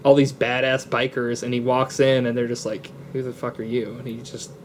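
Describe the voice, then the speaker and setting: A young man chatting casually as a podcast co-host, laid-back and loose with his swearing, laughing along as he talks. His voice sits at an ordinary middle pitch. A faint hiss of background noise runs under the recording. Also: little pitch movement, brisk. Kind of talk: casual chat.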